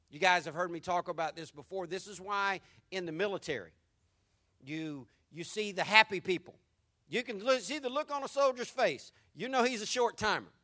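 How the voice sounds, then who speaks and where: Male pastor, middle-aged, high and bright, emphatic sermon delivery with repeated refrains. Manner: emphatic preaching that repeats key phrases and swings between loud and hushed.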